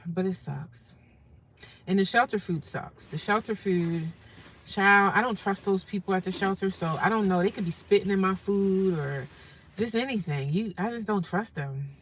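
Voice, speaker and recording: A woman's voice: on the low side, moderate pace, far from the mic, a little hiss or hum, poor audio. A tired woman chatting casually to viewers in a vlog, venting about her day while sitting in her parked car. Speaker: vlogger. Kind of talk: casual vlog chat to camera.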